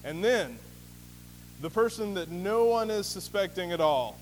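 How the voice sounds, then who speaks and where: A man's voice: on the high side, moderate pace. A man preaching a sermon as pastor, in a conversational storytelling manner with many fillers. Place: church sanctuary. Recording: reverberant hall with faint hum.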